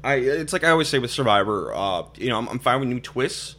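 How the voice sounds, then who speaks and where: A man's voice: mid-range voice, lively intonation, fairly quick, bright, forceful tone, a little hiss or hum. Young man, podcast host, loose rambling delivery. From Minnesota. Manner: chatty, rambling, many fillers and restarts. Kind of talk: casual podcast chat.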